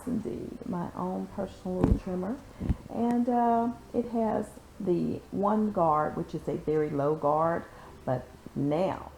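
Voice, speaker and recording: Sassy middle-aged woman vlogger, low gravelly voice, chatty with her viewers. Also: darkish tone, slight background noise. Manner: sassy, talks to viewers as "honey" and "y'all". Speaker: beauty vlogger. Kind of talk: casual chatty vlog.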